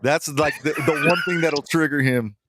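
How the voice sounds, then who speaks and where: A man's voice: a little high, normal speed, heavy background noise. A man co-hosting a fight podcast in casual chat, swearing and trading jokes. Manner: swearing, joking banter. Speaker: podcast co-host.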